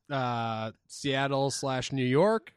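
A man's voice: medium pitch, drawn-out words, clean tone, dry recording. A man hosting a podcast, asking rambling, playful questions. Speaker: podcast host. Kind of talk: casual podcast chat.

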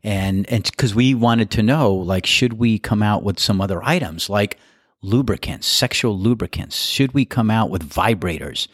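A man's voice: fairly low pitch, moderate pace, no echo, clean studio sound. An older man hosting a podcast in casual chat, telling candid, crude stories and laughing often. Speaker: podcast host.

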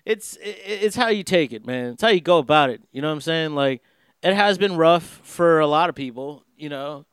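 Rambling, profane man with a smooth voice. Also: a little high, animated, normal speed, fairly bright tone, no room sound. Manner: rambling, profane, laughing storyteller. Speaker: vlogger. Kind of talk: casual chat. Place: Los Angeles.

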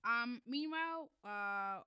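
A bright, crisp-voiced woman chats about a book she's reading, laughing a lot and acting out what the characters say. The sound is dry and close. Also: on the high side, expressive, slow pace, dry recording. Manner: chatty, laughs often, quotes characters. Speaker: book club podcast co-host. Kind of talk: casual chat recapping a novel.

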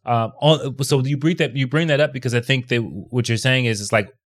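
A man co-hosting a casual podcast, talking in a halting way and often restarting his sentences. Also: medium pitch. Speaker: podcast co-host.

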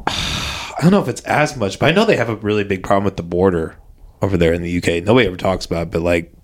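A man's voice: low voice, expressive, quick pace. A man co-hosting a podcast, talking bluntly and profanely in casual chat. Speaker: podcast co-host.

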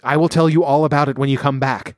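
A man voicing a resolute middle-aged female cousin and housekeeper in an audiobook reading, brisk and commanding. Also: on the high side, steady tone, a little mellow, dry recording, studio quality, lightly acted. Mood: firm.

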